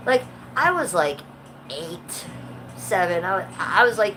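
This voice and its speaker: A woman's voice: medium pitch, a little slow. A woman in her fifties chatting on a livestream in a brash, profane, rambling way. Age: 50s. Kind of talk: casual livestream chat. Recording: steady background noise.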